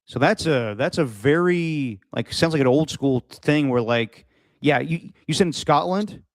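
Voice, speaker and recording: A man's voice: a little high, lively intonation, unhurried, no room sound. A man co-hosting a sports podcast in casual chat, rambling with many "like"s and restarts. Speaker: podcast co-host.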